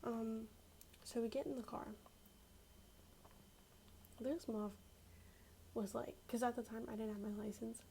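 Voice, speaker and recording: A young woman telling a story in a soft-spoken ASMR style, casual and slangy, often slipping into a whisper. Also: a little high, fairly even intonation, a little slow, vocal fry, long pauses, a little hiss or hum, rough recording.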